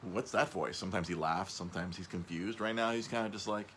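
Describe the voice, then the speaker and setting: A man hosting a casual podcast, rambling, stumbling over and repeating his words, his voice jumping up when he gets excited. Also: sits low, quick pace, a little hiss or hum. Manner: excitable, voice jumps up on emphasis. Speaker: podcast host.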